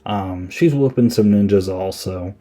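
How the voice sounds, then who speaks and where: A man's voice: on the low side, unhurried, dark tone. A man hosting a podcast, recapping a movie in a casual, rambling way, full of "like" and "um". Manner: rambling, filler-heavy, laid-back. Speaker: podcast host.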